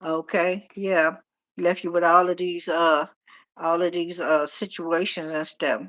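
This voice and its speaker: A middle-aged woman, casually reading tarot on a live stream, animated and talking straight to viewers. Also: fairly low pitch, unhurried. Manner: chatty, animated, talks to viewers directly. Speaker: tarot reader.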